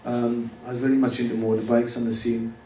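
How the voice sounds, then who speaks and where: Man telling his faith story to a crowd, relaxed low-key tone, echoey room w/ faint hum. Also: fairly quick. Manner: conversational, speaks directly to the audience. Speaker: speaker giving his testimony. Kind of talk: personal faith testimony to a live audience. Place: pub or club venue with an audience. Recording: roomy, distant mic with faint background noise.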